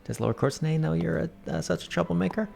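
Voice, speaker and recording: A man voicing a curious, teasing young noblewoman who talks haltingly with many fillers, over faint music. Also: a little high, animated, gravelly, darkish tone, pitched above the performer's own voice.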